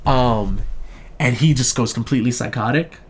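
A young man talking through a movie plot in loose, profane, rambling chat. He drops into quick impressions of the characters as he goes. His voice sits at an ordinary middle pitch. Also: husky. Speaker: podcast co-host reviewing a movie. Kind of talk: casual chat.

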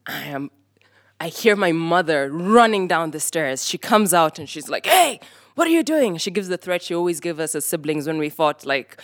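A woman from Kenya telling a personal story on stage, lively and animated, acting out the voices of people in it. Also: sits low, normal speed, dry recording, studio quality.

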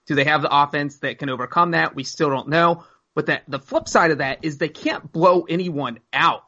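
A man's voice: fairly high pitch, moderate pace, bright, forceful tone, dull audio. A man in a casual sports debate as a co-host, reasoning his way to a contrarian take.

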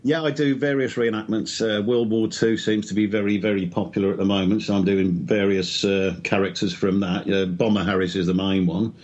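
Husky, low-voiced joking English guest. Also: male voice, fairly even intonation, fairly quick, hardly any pauses, a little mellow, lo-fi sound. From England. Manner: jokey, self-deprecating. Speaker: guest psychic medium. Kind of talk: casual chat.

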